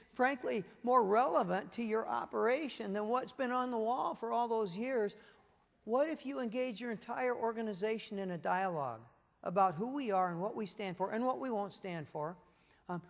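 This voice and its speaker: A man's voice: very high voice, creaky, in a large hall. A middle-aged man giving a corporate leadership presentation to a room of people at tables, telling stories and asking rhetorical questions. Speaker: keynote speaker. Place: large meeting room with an audience at tables.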